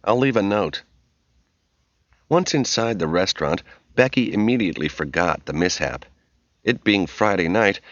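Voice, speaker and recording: A man reading a novel aloud as narrator, in measured, expressive storytelling. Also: sits low, no room sound. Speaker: audiobook narrator. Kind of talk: scripted narration. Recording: dull, muffled audio.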